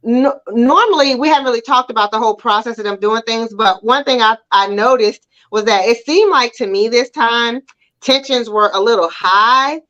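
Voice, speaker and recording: A talkative woman co-hosts a relaxed show chat, often slipping into quoted inner thoughts. Her voice sits a bit high. The sound is dull and lo-fi, as over a video call. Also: moderate pace. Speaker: talk show co-host. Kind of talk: casual chat about TV shows.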